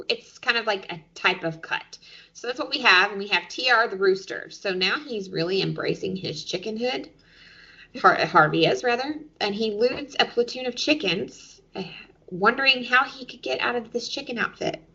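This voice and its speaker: A woman's voice: medium pitch, pushed and bright, muffled recording. A woman co-hosting a podcast, casually recapping TV episodes and explaining each sketch step by step. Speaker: podcast co-host.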